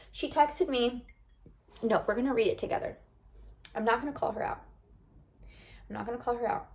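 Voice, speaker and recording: A woman's voice: medium pitch, a little mellow. A bubbly woman vlogger talking casually and animatedly straight to her viewers. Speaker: lifestyle vlogger. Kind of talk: casual chat to camera.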